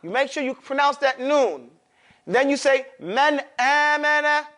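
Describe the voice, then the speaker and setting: A man's voice: extremely high pitch, expressive, moderate pace, a bit bright. A man teaching Quran recitation to a class, drilling pronunciation and checking in often. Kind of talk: classroom lesson.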